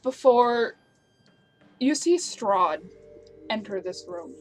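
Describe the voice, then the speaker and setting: A woman's voice: on the high side, expressive, takes it slowly, faint music behind. A woman narrating as game master of a tabletop game, describing scenes and laughing along with her players.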